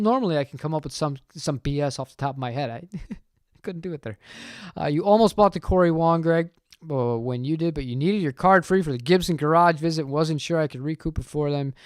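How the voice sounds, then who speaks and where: Opinionated male streamer, fairly high voice, dry close mic, casual rambling chat. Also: no echo. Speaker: channel host answering chat.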